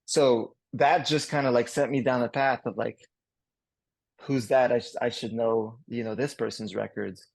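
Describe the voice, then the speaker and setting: A man in his forties with a French Canadian accent, a guest chatting casually on a podcast in a rambling, relaxed way. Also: mid-range voice, normal speed, gravelly, dry recording. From Canada, Montreal. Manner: rambling and relaxed, many fillers and restarts.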